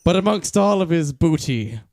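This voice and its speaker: A man co-hosting a podcast, reading facts from his notes in a deadpan, joking way. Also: on the high side, normal speed. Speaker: podcast co-host. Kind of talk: reading out notes in casual chat.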